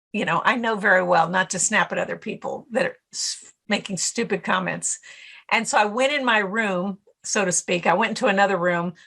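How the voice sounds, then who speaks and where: A middle-aged woman speaking as a podcast guest on stress management, telling stories in an animated way and acting out her own inner voice. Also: medium pitch. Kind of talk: casual interview talk.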